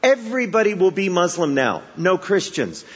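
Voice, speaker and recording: A man playing a menacing male cleric who vows to crush the church, speaking slowly and sternly. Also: sits high, sing-song, husky, heavily acted. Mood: threatening. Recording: echoey hall, dull sound.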